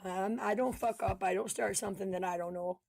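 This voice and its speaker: A woman commentator talking in a heated, fast way, swearing often. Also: medium pitch, steady tone, creaky, darkish tone, slight background noise. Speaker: online commentator. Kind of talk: casual commentary video.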